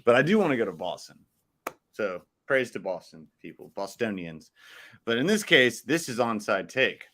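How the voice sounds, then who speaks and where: A man co-hosting a casual sports podcast, playful and jokey, slipping into quick rhyming riffs. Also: fairly low pitch, big pitch swings, bright, forceful tone. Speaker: podcast co-host.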